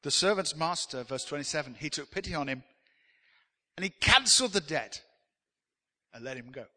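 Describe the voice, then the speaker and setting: A man's voice: a little high, expressive, normal speed, pushed and bright, long reverb tail. A man preaching a sermon as pastor, emphatic, and leading the congregation in call-and-response.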